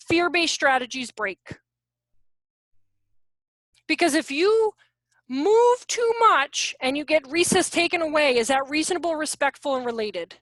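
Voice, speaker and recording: A woman's voice: high-pitched, fairly bright tone, no room sound. A woman presenting an online workshop on parenting and teaching, talking casually and acting out parents and kids as she goes. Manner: chatty, acts out parent and child voices. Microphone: video call.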